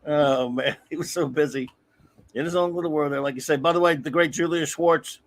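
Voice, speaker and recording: A man with a slightly higher voice hosts a relaxed, casual conversation. He is chatty and greets his viewers by name. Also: brisk. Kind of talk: casual chat.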